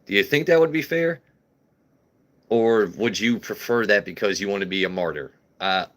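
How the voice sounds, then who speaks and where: A man's voice: low-pitched, pushed and bright. A man hosting a livestream in casual chat, crude and rambling with jokes and swearing. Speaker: livestream host.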